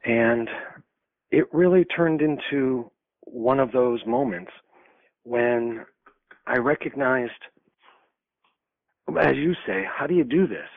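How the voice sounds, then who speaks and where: Older man, reflective storyteller, gravelly and husky voice, dry, tinny call audio. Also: medium pitch, big pitch swings, slow pace, pauses often, no echo. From New York, USA. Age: 60s. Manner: earnest, reflective, reenacts dialogue. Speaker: guest. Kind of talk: personal storytelling. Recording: tinny phone-like line, dry.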